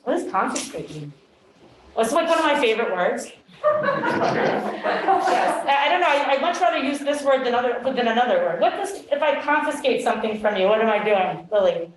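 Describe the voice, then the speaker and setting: A woman's voice: fairly high pitch, big pitch swings, brisk. A woman teacher leading a phonics lesson, encouraging and upbeat as she coaches young students. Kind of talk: classroom phonics instruction. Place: classroom. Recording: echoey classroom with crowd noise. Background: children's voices.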